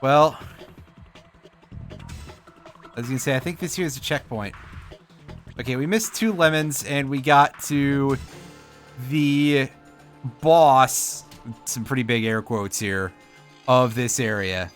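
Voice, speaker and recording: A man's voice: mid-range voice, very animated, slow pace, long pauses, faint music behind. A man giving casual, wry let's-play commentary while streaming a video game, rambling with self-correcting asides and sounding sleepy. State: sleepy, yawning.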